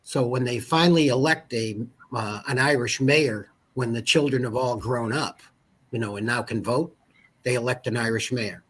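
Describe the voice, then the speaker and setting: A man's voice: mid-range voice, fairly even intonation, moderate pace, slight background noise. A man in his fifties, an insurance agent and guest, chatting casually and telling rambling stories full of asides. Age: 50s. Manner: rambling storyteller, many asides. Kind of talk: casual interview chat.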